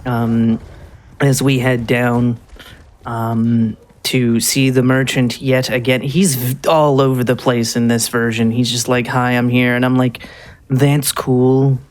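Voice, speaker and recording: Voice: medium pitch, level tone, measured pace. A speedrunner giving casual live commentary on their own run, rambling a little with frequent ums and restarts.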